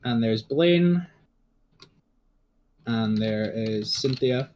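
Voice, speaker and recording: A man's voice: mid-range voice, expressive, very slow, a little mellow, slight background noise. A man narrating a tabletop game as dungeon master, talking casually, swearing and prompting his players.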